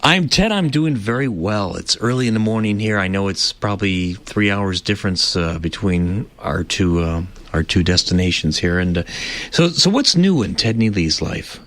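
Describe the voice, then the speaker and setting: A low-voiced man hosts a radio show, chatting easily with his guest. He stops often for fillers as he talks. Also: animated, fairly bright tone. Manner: friendly, chatty, halting with fillers. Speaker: radio host. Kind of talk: radio interview.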